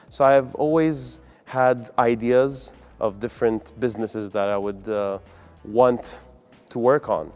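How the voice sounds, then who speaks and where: A man's voice: mid-range voice, darkish tone. A man from the UAE, a comedian answering interview questions in an upbeat, earnest way. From United Arab Emirates. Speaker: comedian and guest.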